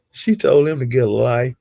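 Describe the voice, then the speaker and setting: A man giving a casual, rambling gossip recap of livestreams, with animated retelling and frequent asides. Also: mid-range voice, gravelly, no echo.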